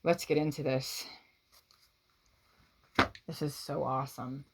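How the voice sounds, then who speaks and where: In a very noisy recording, a tarot reader gives her viewers a reading in a low, slow voice with vocal fry. She gushes and exclaims, swinging between excited outbursts and hushed asides.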